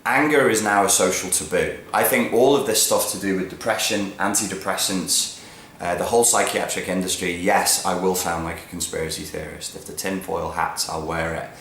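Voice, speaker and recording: A man ranting bluntly in a monologue, swearing freely and swinging from low mutters to loud, emphatic peaks. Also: moderate pace. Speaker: vlogger giving opinions. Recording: roomy echo with faint background noise.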